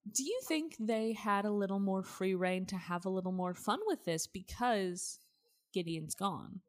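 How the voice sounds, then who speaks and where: A woman's voice: medium pitch, animated, unhurried. A woman co-hosting a podcast in casual chat, joking, swearing and teasing as she recaps a TV episode. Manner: joking, profane, playful teasing. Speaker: podcast co-host.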